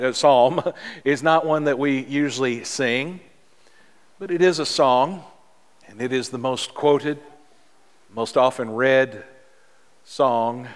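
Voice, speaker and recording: A man preaching a sermon as pastor, in a measured, earnest way with emphatic pauses. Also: mid-range voice. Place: church sanctuary. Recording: long reverb of a large hall.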